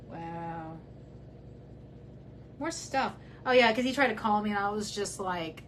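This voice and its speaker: A woman hosts a true crime show in a loose, conversational way. She reacts bluntly and with heat as she reads out messages. Her voice sits at a middling pitch, with a faint hiss in the background. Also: animated, measured pace, low-quality recording. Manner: blunt and heated, talks back to the person she discusses. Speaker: true crime channel host. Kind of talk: casual commentary while reading messages aloud.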